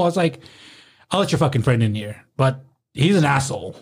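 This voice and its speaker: A man's voice: mid-range voice, a little fast, husky. A man telling rowdy stories about working a bar door, acting out the voices and laughing often. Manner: animated storyteller, acts out quotes, swears a lot, laughs often. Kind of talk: casual chat.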